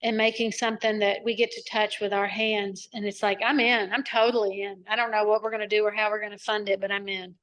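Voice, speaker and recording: A woman's voice: mid-range voice, level tone, fast talker, hardly any pauses, fairly bright tone. A middle-aged woman, a nonprofit founder, answering interview questions over a video call in a chatty, rambling way full of asides and fillers.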